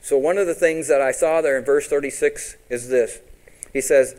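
A man's voice: a little high, normal speed, darkish tone, rough recording. A man preaching a sermon as pastor, quoting scripture and asking his congregation questions, with big rises and drops for emphasis.

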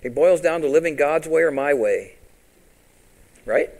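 A pastor preaching with lively emphasis. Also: male voice, measured pace, rough recording. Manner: preaching to a congregation, asking questions and quoting scripture; rises and drops in pitch and loudness for emphasis. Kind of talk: sermon.

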